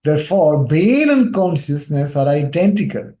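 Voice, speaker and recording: A man's voice: fairly high pitch, big pitch swings, moderate pace, mellow. Roomy-sounding man with a lightly Indian-tinged accent, teaching. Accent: Indian-tinged English. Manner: explains patiently, keeps checking with "right?". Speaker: spiritual teacher. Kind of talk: nondual teaching talk. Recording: roomy echo.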